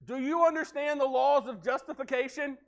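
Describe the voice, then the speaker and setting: A man's voice: very high-pitched, normal speed, voice pushed up. A man voicing a probing male supervisor angel who questions formally. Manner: formal, interrogating.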